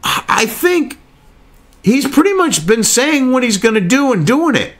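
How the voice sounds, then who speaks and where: A man with a high, animated voice rants angrily and sarcastically, and he swears freely. He breaks off from reading news aloud to argue with it, and his pitch jumps all over the place. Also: a little slow, faint music behind. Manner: angry, profane, sarcastic ranting. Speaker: political commentary host.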